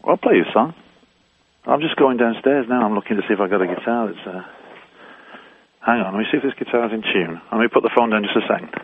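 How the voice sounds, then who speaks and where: A man's voice: lowish voice, quick pace, slight background noise. A musician, a man, chatting in an easygoing, rambling way on a phone call. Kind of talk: casual phone chat. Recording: tinny phone line.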